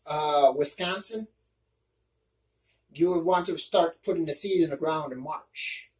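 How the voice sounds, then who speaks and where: A man with a high voice offers casual, step-by-step practical tips, frequently restarting his sentences as he explains. He sounds far from the mic, and the recording is rough.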